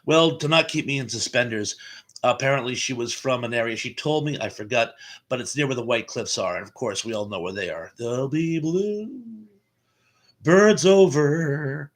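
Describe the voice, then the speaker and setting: A man's voice: medium pitch, a little fast, fairly bright tone. An American man hosting a casual live stream, rambling through stories and reading out viewer comments with fillers and chuckles. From United States.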